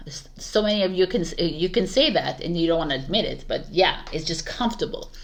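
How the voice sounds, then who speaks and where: Tarot reader, woman, low-set voice, casual and emphatic, lots of self-corrections. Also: animated, a little fast, hardly any pauses. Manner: casual, repetitive restarts, emphatic advice. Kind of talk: spoken tarot reading to viewers.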